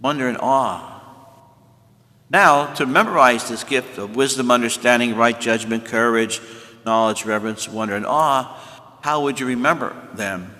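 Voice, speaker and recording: A man's voice: medium pitch, unhurried, sharp tone, in a large hall. A male priest giving a folksy, explanatory teaching talk to confirmation students. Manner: folksy, explanatory, self-made memory tricks.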